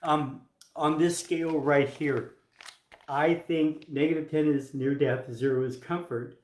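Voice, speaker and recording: A man's voice: fairly high pitch, fairly even intonation, unhurried, darkish tone. A man coaching doctors in a casual, joking live talk, acting out examples. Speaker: health coach teaching doctors. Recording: roomy echo.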